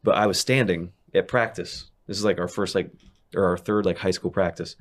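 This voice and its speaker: A man's voice: low-pitched, fairly even intonation, fairly quick. A young man telling stories in a casual chat, rambling and laid-back with lots of fillers.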